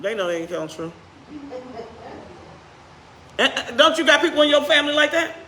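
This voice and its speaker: A woman's voice: high voice, slight background noise. A woman pastor preaching a sermon in a church, talking with the congregation and asking them questions as she goes. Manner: animated, speeds up and slows down for emphasis. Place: church sanctuary. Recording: roomy church echo.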